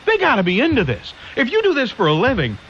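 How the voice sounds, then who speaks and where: On a hissy, lo-fi 1990s AM radio recording, a man with a very high, bright voice talks quickly with huge pitch swings. He hosts a conservative call-in talk show, rambling and peppering listeners with rhetorical questions.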